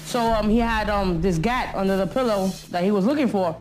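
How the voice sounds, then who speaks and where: A woman's voice: medium pitch, brisk, music in the background. Young woman, slangy, rambling documentary interviewee. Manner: street slang, loose storytelling.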